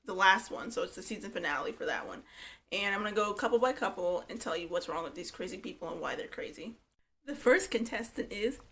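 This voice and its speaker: A woman's voice: a little high, a bit bright. A woman giving a blunt, opinionated, gossipy casual review of a reality show. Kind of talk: casual commentary vlog.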